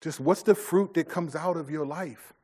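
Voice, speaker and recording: A man's voice: on the high side, normal speed, dark tone, breathy edge. A middle-aged man preaching a sermon in a loose, conversational way, with many restarts and fillers. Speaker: pastor.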